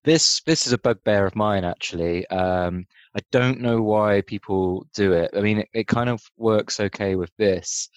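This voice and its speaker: A man's voice: on the low side, normal speed, few pauses, no echo, lo-fi sound. A man co-hosting a podcast in casual chat, making wry, sarcastic asides. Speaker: podcast co-host.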